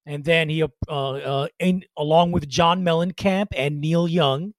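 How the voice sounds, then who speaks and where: A man's voice: a little high, fairly even intonation, measured pace, no echo. A man co-hosting a podcast, chatting loosely about music history with many fillers and restarts. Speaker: podcast co-host.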